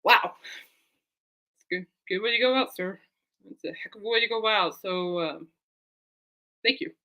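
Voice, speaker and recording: A woman's voice: medium pitch, moderate pace, lo-fi sound. A woman talking casually to her camera as a vlogger and fan, rambling and heartfelt, turning aside to talk to her dog.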